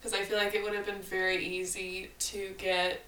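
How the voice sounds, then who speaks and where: A woman's voice: mid-range voice, level tone, moderate pace, pushed and bright, distant mic. A young woman talking casually, chatty and laughing often, with lots of fillers. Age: young adult. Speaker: co-host. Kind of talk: casual chat. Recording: roomy sound, faint background noise, a little off the mic.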